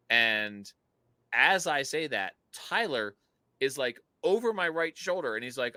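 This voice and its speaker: Bright-voiced storytelling man. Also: medium pitch, moderate pace, no room sound. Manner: animated storytelling, laughs often. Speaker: podcast host. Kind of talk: casual chat.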